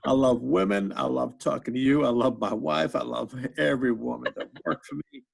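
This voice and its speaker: Man impersonating a smooth-talking flirtatious politician, slow crooning, husky. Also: medium pitch. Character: impression of a former male US president, flirtatious.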